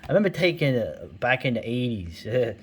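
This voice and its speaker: A middle-aged man from New York City rambles casually through his commentary. He leans on fillers and side remarks and keeps chuckling. His voice sits at an ordinary middle pitch, with a faint hum of room noise behind it. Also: big pitch swings, brisk. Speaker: comics video host.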